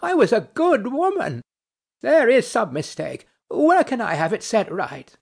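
A haughty, affronted noblewoman, insisting on her virtue, voiced by a man reading the play. The voice sits high and swings widely, and every word is drawn out slowly. It has a gravelly grain under it. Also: very animated, full character voice. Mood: indignant. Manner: prim, affronted, insistent questioning. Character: proud indignant Spanish noblewoman in hell. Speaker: audiobook narrator. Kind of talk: reading a stage play aloud.

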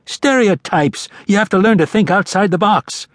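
A man's voice: high voice, very animated, fairly quick, no room sound, clean studio sound, pitched above the performer's own voice. A man doing a brash, swearing leprechaun. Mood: cocky. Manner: cocky, swearing, pushy. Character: brash, profane, tipsy bearded leprechaun man.

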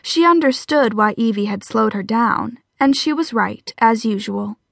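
A woman narrating a romance audiobook in a steady, even storytelling voice. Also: fairly high pitch, a little slow, vocal fry, no room sound, studio quality. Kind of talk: scripted narration.

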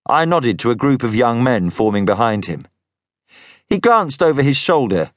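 A man narrating an audiobook in the first person with measured, expressive storytelling, recorded on a studio microphone. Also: mid-range voice, dry recording.

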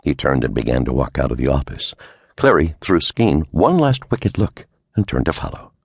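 A man narrating a noir detective novel in a measured storytelling manner. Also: very deep voice, very animated, gravelly, husky, no echo. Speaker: audiobook narrator.

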